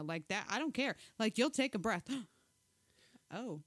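A woman's voice: lowish voice, brisk, no room sound, clean studio sound. A middle-aged woman co-hosting a casual podcast, chatting and retelling scenes with quoted voices. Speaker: podcast co-host. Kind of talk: casual chat recapping a reality show.

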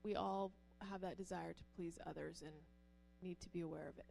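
A woman speaks briskly in a gravelly voice, with faint music behind her. She is a middle-aged pastor's wife sharing personal stories with a church audience. Her delivery is animated, and she acts out the quoted voices by raising her pitch.

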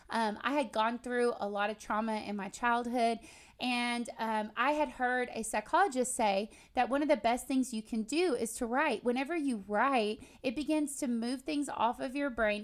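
Faith podcast host, woman in her thirties, slightly high voice, earnest and conversational. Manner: earnest, conversational, personal storytelling. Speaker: podcast host and Bible teacher.

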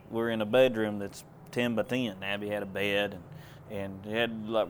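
A little hiss or hum sits under a preacher's fairly low voice as he gives a sermon testimony. He tells his story in a plain drawl, rising at points to loud commands.

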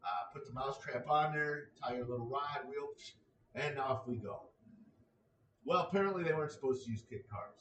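A man's voice: medium pitch, moderate pace, a bit bright, reverberant, distant mic, slight background noise, low-quality recording. A man in a casual ranting monologue, exasperated and sarcastic, swearing freely.

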